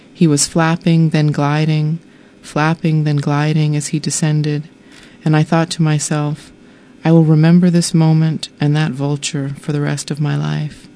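A woman author reading aloud from her own memoir, telling the story wryly and voicing the dialogue. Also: sits low. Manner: wry, expressive storytelling with voiced dialogue.

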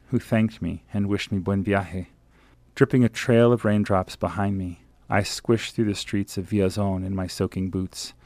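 Male author guest reading his own travel writing aloud: low, gravelly voice, earnest and measured delivery, dry close sound. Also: darkish tone, no room sound.

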